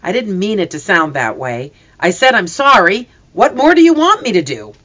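A reader voicing a shaken, excitable grown man hunter in a storybook reading, talking in a rushed, pleading way. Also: high-pitched, pitched above the performer's own voice, exaggerated voice. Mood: apologetic. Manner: breathless, pleading.

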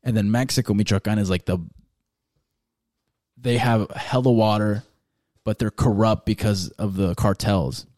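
A man in casual chat, swearing often and getting excited as he recommends documentaries, slipping into Spanish now and then. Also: fairly low pitch, measured pace, no room sound, clean studio sound.

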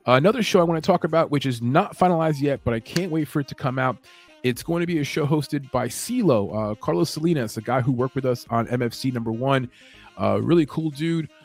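A man's voice: mid-range voice, brisk, faint music behind. A man hosting a late-night podcast, talking casually and rambling, with many fillers and self-corrections. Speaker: podcast host. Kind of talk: casual show announcements.

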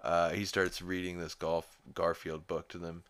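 A man's voice: deep voice, flat delivery, measured pace, a bit bright. A man hosting a podcast, recapping a cartoon episode in a rambling, profane, laid-back way. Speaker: podcast host.

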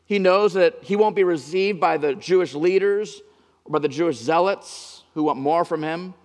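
A male pastor delivering a sermon with dynamic delivery, moving between emphatic and hushed passages. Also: a little high, normal speed. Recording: long reverb of a large hall.

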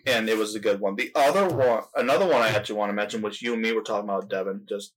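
A man's voice: lowish voice, very fast, rough recording. A man co-hosting a casual film podcast, talking animatedly, his voice jumping up as he makes his points. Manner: animated, voice jumps up when making a point. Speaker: podcast co-host.

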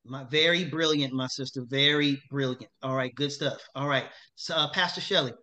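A man's voice: mid-range voice, moderate pace, pushed and bright. A man leading a chaplaincy class, heaping repeated praise on his students as he calls on them. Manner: lavish repeated praise, upbeat.

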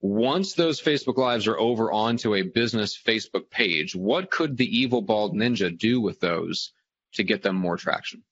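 A man's voice: fairly low pitch, animated, moderate pace, a bit bright, dry recording. A man co-hosts a casual podcast, joking and teasing as he steers the talk. His voice sits mid-range and sounds very dry, with a dull, lo-fi tone. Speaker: podcast co-host.

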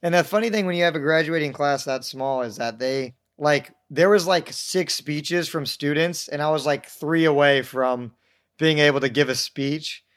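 Rambling storyteller man, slightly high voice. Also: moderate pace, fairly bright tone. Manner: rambling, self-mocking, acts out quoted voices. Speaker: podcast guest telling stories. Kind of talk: casual storytelling chat.

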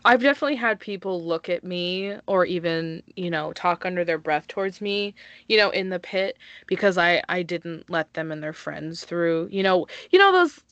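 A woman's voice: fairly low pitch, lively intonation, moderate pace, a bit bright, no room sound, lo-fi sound. A woman co-hosting a podcast, talking in a blunt, emphatic way and swearing freely. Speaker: podcast co-host. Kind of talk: casual chat.

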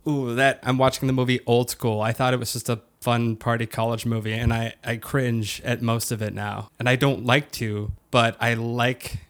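A man hosting an interview in a relaxed, chatty way, often affirming his guest. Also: medium pitch, moderate pace, hardly any pauses. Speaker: podcast host. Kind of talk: casual interview chat.

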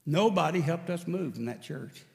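A man's voice: on the high side, animated, normal speed, gravelly, long reverb tail. A male pastor preaching a sermon, telling stories and acting out bits of dialogue. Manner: storytelling preacher, acts out dialogue with raised voice. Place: church sanctuary.

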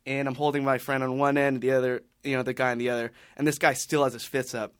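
Male podcast panelist, mid-pitch, casual rambling storyteller, dry sound. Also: level tone, fast talker, fairly bright tone, dry recording. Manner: rambling, many restarts and fillers.

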